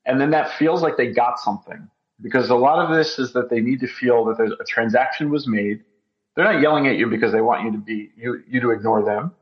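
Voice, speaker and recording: In a conversational podcast interview, a male physician guest explains things at length, leaning heavily on ums and other fillers. His mid-range voice comes through on a muffled recording.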